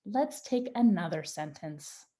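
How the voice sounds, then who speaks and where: A woman teaching a writing lesson to young children, speaking slowly and encouragingly and drawing out her example sentences. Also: fairly low pitch, lively intonation, dark tone. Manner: slow, patient and encouraging, stretching out example sentences. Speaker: Montessori teacher.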